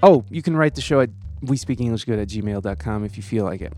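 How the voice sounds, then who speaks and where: A man hosting a podcast, casual and jokey, with loud laughs. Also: on the low side, fast talker, faint music behind. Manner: animated, jokey, laughs loudly. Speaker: podcast host.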